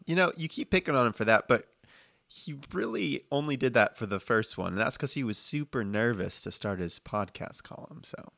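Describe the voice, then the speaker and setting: Bright-voiced joking game master. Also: male voice, mid-range voice, lively intonation, moderate pace, creaky, no room sound, clean studio sound. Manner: joking, laughs often, hesitant with fillers. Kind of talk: casual tabletop game narration.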